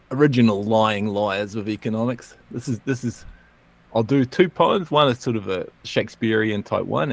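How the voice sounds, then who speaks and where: A man co-hosts a casual livestream chat with a gravelly, creaky voice at a middle pitch. He talks in a playful, joking way. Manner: playful, jokey. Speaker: podcast co-host.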